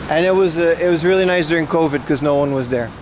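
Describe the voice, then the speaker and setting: A man's voice: fairly high pitch, fast talker, noisy background. A man in his thirties hosting a casual livestream outdoors on city streets, rambling and answering viewer chat while biking. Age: 30s. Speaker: livestream host.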